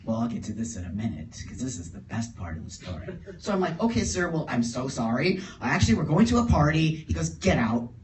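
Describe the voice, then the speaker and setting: A man telling a story on stage to a live audience. He talks in an animated way, laughs often and acts out the other people's lines. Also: medium pitch, fast talker, hardly any pauses. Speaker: guest storyteller. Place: live event in a store before an audience. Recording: roomy live room, distant mic, audible audience.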